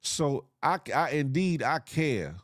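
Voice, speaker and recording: A man's voice: a little high, big pitch swings, slow pace, no echo, clean studio sound. A man hosting a casual morning livestream show, giving a repetitive, motivational rant full of slang and laughter.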